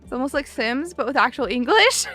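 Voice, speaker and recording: Bright high-voiced young woman streamer. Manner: chatty, upbeat, says "dude" a lot. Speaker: livestreamer hosting a charity event. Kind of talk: casual livestream chat.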